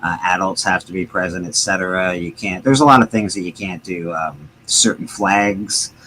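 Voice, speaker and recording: A man's voice: deep voice, normal speed, sharp tone, a little hiss or hum, poor audio. A man hosting a live stream, chatting in an easygoing, joking way. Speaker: host of a live comics stream. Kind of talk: casual chat.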